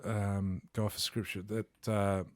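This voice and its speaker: Earnest low-voiced boxer. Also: male voice, flat delivery, a little slow, no room sound, studio quality. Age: 40s. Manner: earnest, motivational, rambling. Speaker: guest, boxer and coach. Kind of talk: casual podcast chat.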